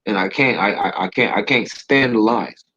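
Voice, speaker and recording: A man's voice: normal speed, sharp tone, lo-fi sound. A man talking casually in a conversation, heated and stammering. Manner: heated, stammering, swings high when worked up.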